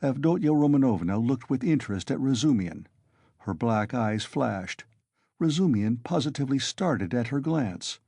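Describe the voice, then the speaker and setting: Dark-toned male audiobook narrator. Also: mid-range voice, lively intonation, moderate pace, no echo. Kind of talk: scripted narration.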